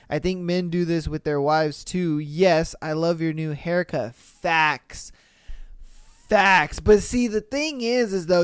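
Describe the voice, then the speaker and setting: Slow, slangy male podcast host. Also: on the high side, clean tone, no room sound, clean studio sound. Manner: slangy, laid-back, chuckling asides. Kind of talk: casual commentary reading listener posts. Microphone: studio podcast mic.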